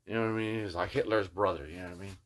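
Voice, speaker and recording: A man's voice: low-pitched, steady tone, racing. An older man who hosts a guitar restoration video journal, telling a long casual story and adding "you know what I mean" again and again. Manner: slips into playful voices when quoting people.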